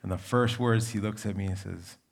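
Gravelly male pastor telling stories. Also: lowish voice, fairly even intonation, a little fast. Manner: storytelling, conversational. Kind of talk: sermon.

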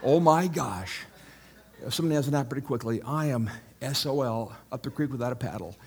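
A man's voice: medium pitch, lively intonation, a little fast, voice pushed up, natural voice. A man voicing a worried bird that frets and moans in panic, in a sermon. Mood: fretting. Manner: panicky, moaning in worry. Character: frantic fretting worried bird.

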